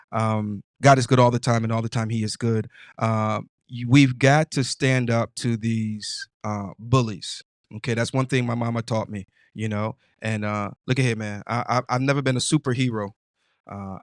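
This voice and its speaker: A man's voice: medium pitch, no echo, clean studio sound. Emphatic preachy man hosting a show. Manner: emphatic, preachy, stammering restarts. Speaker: host. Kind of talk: casual motivational monologue.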